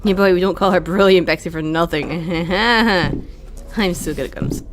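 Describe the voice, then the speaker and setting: A woman's voice: on the low side, steady tone, fast talker, a little hiss or hum. A young woman, streaming a video game and chatting with her viewers, swearing and venting her frustration. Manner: swearing, talking to chat, frustrated outbursts. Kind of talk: casual live-stream commentary.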